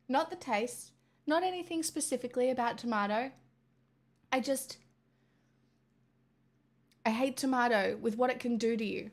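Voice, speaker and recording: A woman's voice: a little high, normal speed, pauses often. An Australian woman vlogging in a casual, chatty way, swearing freely and breaking into mock-dramatic outbursts. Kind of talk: casual chat to camera.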